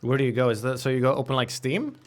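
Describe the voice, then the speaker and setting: A man's voice: mid-range voice, fast talker. A man streaming a fighting game, cursing at his matches and then chatting on a call. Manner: excitable, swears at the game, then talks softly on a call. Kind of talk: casual gaming stream chat.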